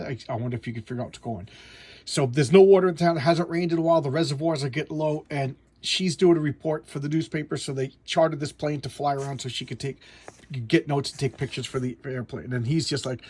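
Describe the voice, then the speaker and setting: A man's voice: medium pitch, brisk, a little mellow, breathy edge. A man casually reviewing a comic book at home, talking in a chatty way with many stumbling restarts.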